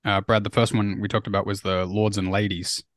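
Sex: man. Role: podcast co-host. Pitch: somewhat low. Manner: loose and chatty with "uh" and "like" fillers. Sound: dry, close mic. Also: flat delivery, a little fast, no room sound. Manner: casual, with "uh" and "like" fillers and light laughs. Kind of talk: casual podcast conversation.

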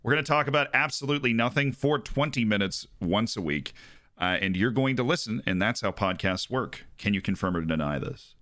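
A man's voice: fairly low pitch, lively intonation, a little fast, pushed and bright, no echo, clean studio sound. A man co-hosting a casual podcast, teasing his co-host and poking fun at himself. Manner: jokey, teasing, self-deprecating.

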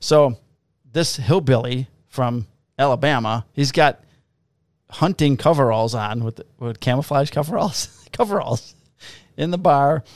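A man's voice: mid-range voice, measured pace, a little mellow, no echo. A man, a police officer, casually telling profane, laughing stories about his shifts. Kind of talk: casual storytelling on a podcast.

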